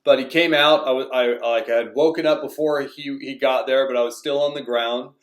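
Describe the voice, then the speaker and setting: A man's voice: mid-range voice, fairly even intonation, a little fast. A young man telling personal stories in a rambling, casual way, full of fillers and restarts. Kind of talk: casual storytelling. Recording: echoey room.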